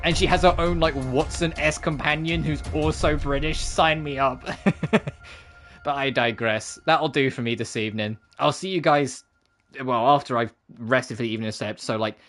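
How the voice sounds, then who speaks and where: Soft background music accompanies a man chatting casually as his gaming stream winds down, drifting into tangents. He speaks at normal speed in a mid-range, fairly bright voice, rambling and full of asides and corrections to himself.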